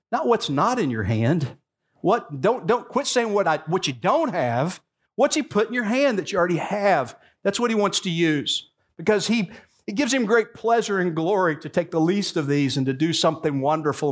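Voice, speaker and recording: A sixty-something male pastor with a somewhat high voice delivers a sermon. He tells the story by voicing its dialogue, then presses his points home with rising emphasis. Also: brisk. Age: 60s. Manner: storytelling preacher who acts out the dialogue, rising to emphatic peaks.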